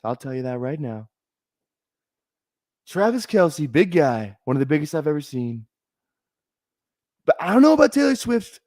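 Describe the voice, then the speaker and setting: Man voicing a campy, boastful older politician, pushed up in pitch, dry close sound. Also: a little mellow, dry recording. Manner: bragging, exaggerated, campy. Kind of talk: comic impression on a live stream.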